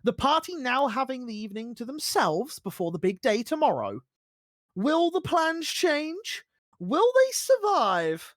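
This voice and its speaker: A game master narrating a tabletop role-playing session with lively storytelling. The pitch rises and falls freely. The sound is close and dry, with no room echo. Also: measured pace.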